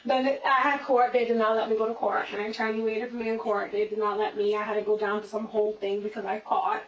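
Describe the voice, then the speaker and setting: A woman venting fast and profanely, telling a long story in a police interview room on a hidden camera. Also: on the high side, level tone, slight background noise. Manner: rapid, profane, repetitive venting. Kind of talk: casual storytelling. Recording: echoey, distant, muffled hidden-camera audio.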